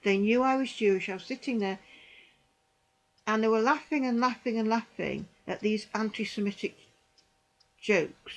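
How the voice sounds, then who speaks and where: A woman's voice: fairly high pitch, moderate pace, pauses often, low-quality recording. A middle-aged woman giving a personal testimony, indignant and emphatic, repeating phrases for emphasis. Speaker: vlogger recounting church experiences.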